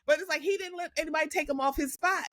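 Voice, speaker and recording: A woman hosting a casual podcast, telling stories in an animated, sassy way. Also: high voice, quick pace, no room sound, studio quality. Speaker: podcast host.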